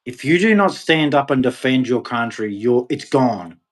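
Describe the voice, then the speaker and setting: A man's voice: mid-range voice, animated, moderate pace. Ranting man with emphatic outbursts. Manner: ranting, emphatic, with sudden loud rises. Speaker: vlogger. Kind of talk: impassioned monologue to camera.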